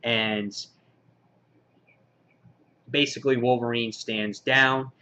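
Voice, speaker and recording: A man giving a casual comic book review, with many "uh" fillers, getting excited as he retells the story. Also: medium pitch, slow. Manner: frequent "uh" fillers, excitable retelling with quoted lines.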